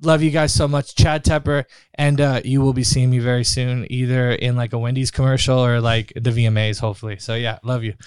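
Man, podcast guest musician: earnest, preachy, smooth voice, dry studio mic. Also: mid-range voice, flat delivery, brisk, few pauses, darkish tone, no room sound. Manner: earnest, preachy pep talk, says "bro" a lot. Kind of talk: casual podcast chat.

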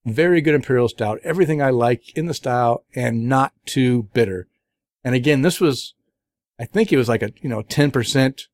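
Enthusiastic rambling middle-aged man. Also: medium pitch. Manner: rambling, enthusiastic, many fillers and restarts. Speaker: beer podcast host. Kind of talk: casual beer review chat.

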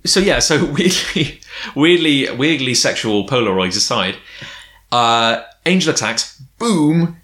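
A man co-hosting a casual chat, animated, laughing often and acting out lines. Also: mid-range voice, unhurried. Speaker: podcast co-host. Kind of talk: casual chat recapping an anime.

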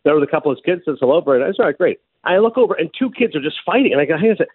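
Sports talk host, man, quick lively delivery, husky, tinny phone-like sound. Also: a little high, no room sound. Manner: animated storyteller, laughs often. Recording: muffled phone-like broadcast sound.

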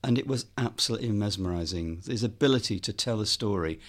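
A man with a fairly low voice tells a long anecdote as a podcast guest. He talks in a relaxed way, with frequent ums, and voices the people he quotes. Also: fast. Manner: relaxed, lots of ums, acts out quoted dialogue. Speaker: guest filmmaker and author. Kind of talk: anecdotal storytelling interview.

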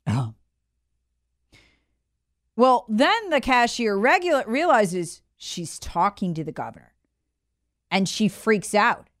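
A woman's voice: medium pitch, very animated, takes it slowly, pauses often. A woman talk radio host delivering a heated, scornful monologue and mockingly imitating people. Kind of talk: opinionated talk show monologue.

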